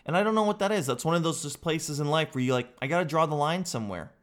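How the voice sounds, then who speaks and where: A man's voice: a little high, fast. Exasperated man ranting for laughs. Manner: animated, exasperated, peppered with "dude"; swears casually. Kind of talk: comedic rant.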